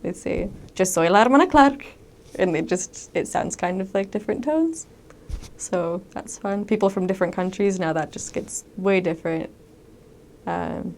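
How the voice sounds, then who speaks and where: A young woman casually telling stories about her time as a missionary, with a conversational, animated manner and frequent ums. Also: lowish voice, vocal fry. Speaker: returned missionary. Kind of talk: casual storytelling monologue.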